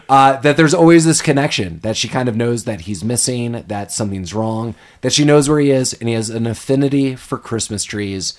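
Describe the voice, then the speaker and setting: A man's voice: medium pitch, normal speed, hardly any pauses. A man hosting a podcast, casually recapping a movie scene by scene and acting out the characters' lines as he goes. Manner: animated retelling, acts out characters' lines. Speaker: podcast host.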